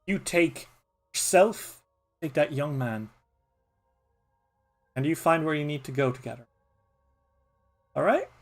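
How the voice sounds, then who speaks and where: Man voicing a gentle old Irish mole. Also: a little high, expressive, slow pace, long pauses, soft background music. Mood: earnest.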